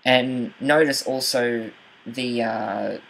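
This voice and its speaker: A man's voice: mid-range voice, fairly even intonation, very slow, vocal fry, fairly bright tone, low-quality recording. A young man talking through how to read a poem closely, hesitant, with fillers and self-corrections. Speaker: writing channel host. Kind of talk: casual explanatory talk with poetry reading.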